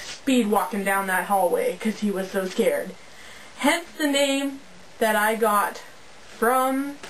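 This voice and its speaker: A woman's voice: medium pitch, slight background noise, poor audio. A young woman from Canada, a teenage fan club moderator, chatting in a bubbly, rambling way into a camera's built-in mic at home. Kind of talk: casual webcam vlog.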